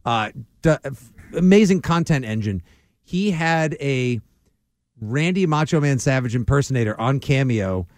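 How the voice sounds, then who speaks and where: A man's voice: mid-range voice, animated, unhurried, darkish tone, no room sound. A man co-hosting a radio sports show in casual banter, playful and sarcastic.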